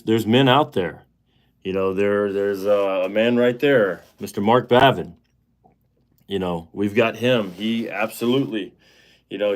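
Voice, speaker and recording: Rambling, fired-up man hosting a livestream. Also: on the low side. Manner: rambling, many fillers and restarts; heated, indignant. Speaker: live-stream host. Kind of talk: casual livestream monologue.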